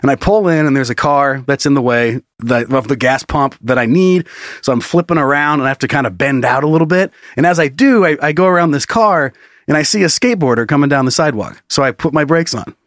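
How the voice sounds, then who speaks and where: A man co-hosting a podcast, telling profane stories in casual chat and jumping into high voices for other people. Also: brisk, fairly bright tone, no echo, studio quality. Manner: profane storytelling with high-pitched impressions of others. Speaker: podcast co-host.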